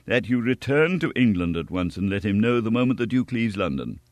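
A man's voice: lowish voice, very animated, fairly quick, darkish tone, no room sound. A man doing a scheming noblewoman. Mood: urgent. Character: scheming noblewoman, urgent and commanding.

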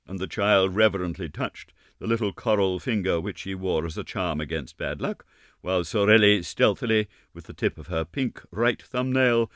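A man narrating a classic novel in an expressive, dramatic storytelling manner. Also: sits low, no echo, clean studio sound. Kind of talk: audiobook narration.

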